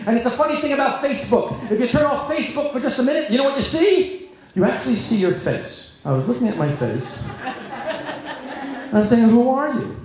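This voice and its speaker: A middle-aged man, a rabbi, telling a humorous story to an audience in a chatty, joking way with quick asides. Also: very high-pitched, a little hiss or hum. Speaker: rabbi giving a guest talk. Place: large echoey room at a community event. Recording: echoey hall, dull lo-fi sound.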